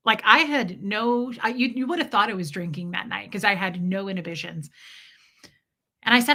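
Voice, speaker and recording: Casting: bright-toned woman, profane animated storyteller chatting to viewers. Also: mid-range voice, brisk. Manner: profane, animated, quotes others in dialogue. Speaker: streamer telling her own story. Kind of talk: casual storytelling to a live chat.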